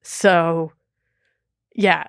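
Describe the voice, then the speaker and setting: A woman's voice: lowish voice, steady tone, very slow, vocal fry, dry recording, clean studio sound. A woman hosting a podcast in casual chat, talkative, with swearing and laughing asides. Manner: chatty, swearing, laughing asides, many fillers. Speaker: podcast host.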